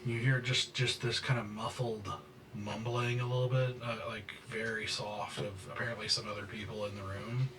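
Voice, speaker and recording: A man narrating a scene as game master, halting and full of fillers. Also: on the low side, recorded from a distance, poor audio.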